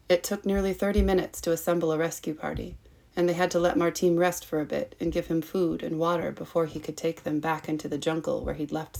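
Low, gravelly woman narrating a story. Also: darkish tone. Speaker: story reader. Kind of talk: fanfiction audiobook narration.

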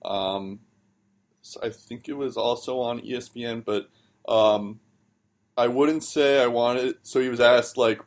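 A man's voice: mid-range voice, steady tone, measured pace. A man co-hosting a hockey podcast, chatting loosely with lots of ums and likes. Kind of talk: casual chat.

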